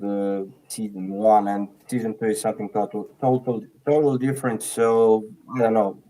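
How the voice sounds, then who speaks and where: A man hosting a podcast, chatting casually in a halting way with fillers. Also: on the low side, a little mellow, low-quality recording. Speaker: podcast host. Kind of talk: casual chat.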